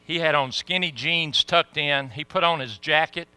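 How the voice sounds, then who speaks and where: Preacher, middle-aged man, bright and sharp tone, dry close sound, folksy storyteller. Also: fairly high pitch, moderate pace, clean tone, no echo. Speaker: pastor. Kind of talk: sermon storytelling.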